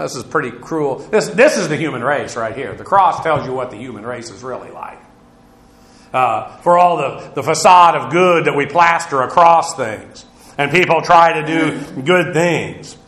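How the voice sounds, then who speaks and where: A man teaching a verse-by-verse Bible lesson on the Greek text, lecturing with many "uh" fillers as he pauses to repeat and rephrase. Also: a little high, a bit bright, echoey room, rough recording.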